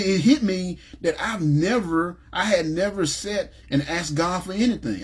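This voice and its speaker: A man with a somewhat high, husky voice tells his personal testimony. He speaks in an emotional, halting way, restarting sentences and choking up with tears at times. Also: a little mellow.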